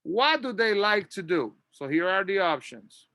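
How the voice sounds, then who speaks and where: A man's voice: sits high, very animated, a little slow, few pauses, sharp tone, dry recording, clean studio sound. A man teaching an English lesson, patiently drilling words and asking listeners to repeat after him.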